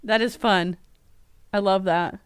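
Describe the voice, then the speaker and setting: A woman hosting a casual unboxing livestream, excited and laughing often. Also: medium pitch, slow, clear, resonant tone, no room sound, clean studio sound. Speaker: livestream host.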